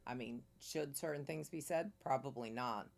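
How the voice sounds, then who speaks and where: A man's voice: medium pitch, moderate pace, gravelly. An American man co-hosting a music reaction video, arguing his opinions in casual chat. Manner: opinionated, argumentative.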